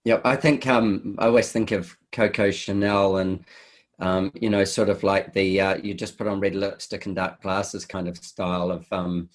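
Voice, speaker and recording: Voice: deep voice, fairly even intonation, normal speed. An interview host asking a designer about her career, prompting with enthusiastic asides. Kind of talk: casual interview.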